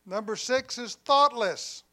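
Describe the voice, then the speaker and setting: A man delivering a sermon in a high voice at an unhurried, deliberate pace. He swings from loud emphasis down to hushed, quiet lines and slips in humorous asides along the way. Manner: deliberate preaching with dramatic swings in volume, dropping to near quiet on key lines. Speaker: pastor.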